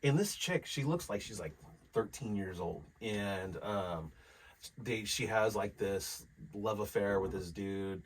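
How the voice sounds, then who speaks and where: A man's voice: fairly low pitch, animated, slow pace, husky, poor audio. A man in his forties, co-hosting a casual podcast, retelling a movie in a laid-back way with lots of fillers. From California. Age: 40s. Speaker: podcast co-host. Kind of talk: casual chat.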